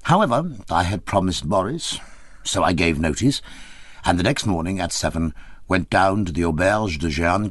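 A man reading an audiobook, telling the story in an expressive, wry way. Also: sits low, breathy edge, no echo. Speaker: audiobook reader. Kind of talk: audiobook narration of a memoir.

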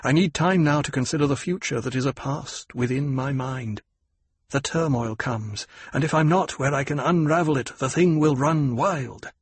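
A man reading aloud voices an earnest, resolute young man who speaks with proud intensity in a husky voice. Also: medium pitch, normal speed, no room sound.

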